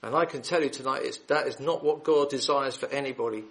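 Speaking fast in a medium-pitched voice, a man preaches the gospel in a hall as a lay preacher. He reads from scripture before turning to his audience with a sincere, direct appeal.

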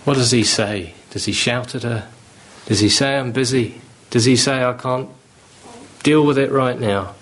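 A man's voice: medium pitch, unhurried, a bit bright. A man preaching a sermon, earnest and pleading, building to fervent emphasis. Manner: earnest, pleading, rising with fervour.

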